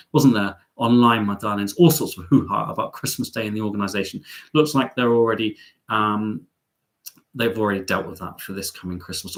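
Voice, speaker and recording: A young man from England hosting a live stream. He reads out viewer comments and answers them in a chatty, playful way, often jumping up high in pitch. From Devon, England. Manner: lively and playful, with big jumps up in pitch.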